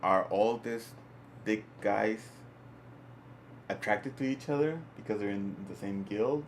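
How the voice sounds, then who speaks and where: A man co-hosting a podcast in casual chat, animated and emphatic, often repeating his words. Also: on the low side, measured pace, slight background noise. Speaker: podcast co-host.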